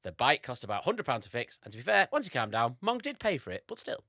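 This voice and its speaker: A man on a comedy podcast, reading out a listener's story in a deadpan, contrarian way. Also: medium pitch, quick pace, dry recording, clean studio sound.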